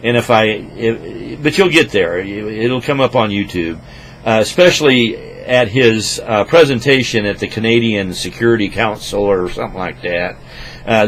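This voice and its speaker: A man ranting crudely into a computer microphone at his home desk, rambling and swinging between loud outbursts and low mutters. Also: vocal fry, a little hiss or hum, low-quality recording. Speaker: vlogger. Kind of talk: rambling profane rant to camera.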